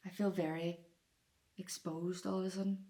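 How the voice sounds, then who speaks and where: Fairly low-voiced woman, matter-of-fact. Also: flat delivery, normal speed, warm tone. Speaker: paranormal investigator. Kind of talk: casual ghost-hunt chat. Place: old castle room at night.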